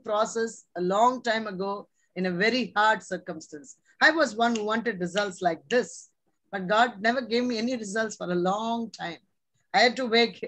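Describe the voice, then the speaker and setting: A woman's voice: medium pitch, fairly bright tone, rough recording. A middle-aged woman preaching a sermon, earnest and exhorting, with many rhetorical questions. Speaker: preacher, religious sister.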